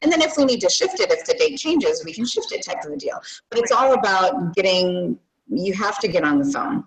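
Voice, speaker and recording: A woman guest expert giving casual marketing advice on a webinar, relaxed and full of fillers. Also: mid-range voice, a little fast, rough recording.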